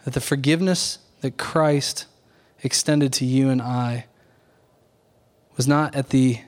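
A middle-aged male pastor delivering a Sunday sermon in a church. He speaks earnestly and deliberately, slowing down to lean on the words he wants to stress. His pitch sits at an ordinary middle level for a man. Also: fairly even intonation. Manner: earnest, measured preaching with slow deliberate emphasis.

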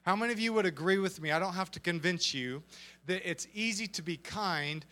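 A man preaching an energetic sermon as pastor, joking and acting out little voices as he goes. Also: high-pitched, a little fast. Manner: animated and joking, acts out voices.

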